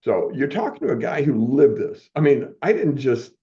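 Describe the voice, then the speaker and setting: A mellow, animated, medium-pitched voice belongs to an older man guesting on a podcast, talking at normal speed. He tells a rambling personal story in casual interview fashion, with lots of chuckles and self-correcting restarts. Sound quality is muffled and dull.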